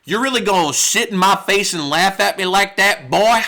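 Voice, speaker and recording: A man's voice: high voice, moderate pace, bright, forceful tone. A young man doing an angry old Southern man. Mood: menacing.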